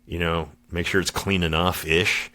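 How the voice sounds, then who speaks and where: Low-voiced ex-marine guy on a podcast, chill and slangy, keeps saying dude. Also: flat delivery, moderate pace, sharp tone. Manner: laid-back and slangy, calls host dude and brother. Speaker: podcast guest, former Marine. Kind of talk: casual storytelling interview.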